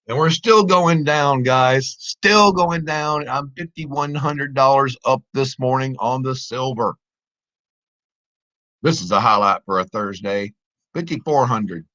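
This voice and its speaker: Man, stream host, bright voice, excitable running commentary, muffled lo-fi mic. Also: mid-range voice. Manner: exclaims and laughs often, talks to viewers as guys. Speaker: live trading stream host. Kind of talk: excited live commentary on trades.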